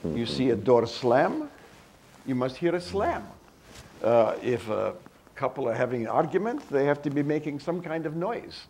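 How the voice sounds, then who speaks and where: A man putting on an Italian accent to imitate an older Italian film director who explains things slowly and haltingly. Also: medium pitch, big pitch swings, darkish tone, a little hiss or hum, voice pushed up. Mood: patiently explaining.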